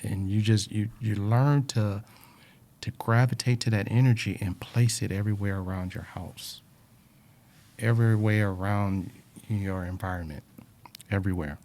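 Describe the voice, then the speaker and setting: A man's voice: on the low side, fairly even intonation, normal speed, a little mellow. A man in a reflective personal talk, speaking earnestly about life lessons and often repeating words, emotional with a drying throat.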